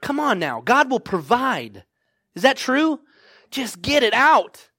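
Man, pastor, high voice, dry close sound, exhorting sermon, repeats "come on now". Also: a bit bright, dry recording.

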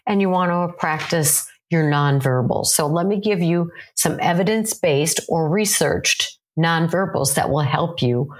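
Woman, lower register, direct and encouraging, conversational advice-giving tone. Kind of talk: advice talk to camera.

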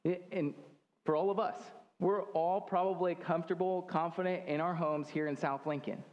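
A man's voice: fairly high pitch, fairly even intonation, normal speed, lo-fi sound. A young man preaching a sermon in a church, in a loose and joking way, with many fillers and restarts. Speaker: pastor.

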